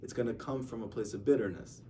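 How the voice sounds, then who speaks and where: Recorded from a distance with slight background noise, this man has a mid-range, dark-toned voice and talks fast. He is a rabbi giving a relaxed religious lesson to a class, chatting and performing stories with dialogue.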